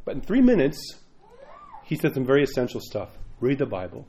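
A man's voice: mid-range voice, huge pitch swings, brisk, dark tone. A man, a parish priest, giving an informal sermon in a rambling, chatty way with frequent asides.

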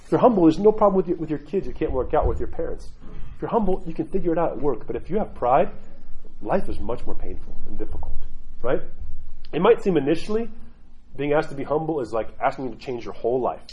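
A man's voice: a little high, lively intonation, quick pace, a little mellow, lo-fi sound. A middle-aged man, an Orthodox Christian clergyman, giving casual spiritual talk and often asking "right?". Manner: conversational, keeps asking "right?"; acts out quoted voices.

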